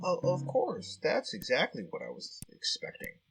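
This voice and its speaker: A man's voice: high voice, wildly swooping pitch, moderate pace, creaky, over loud music. A man playing a text adventure and thinking aloud in a chatty, easily amused way as he reads out the game's text. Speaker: game player. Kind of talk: let's-play commentary and reading game text.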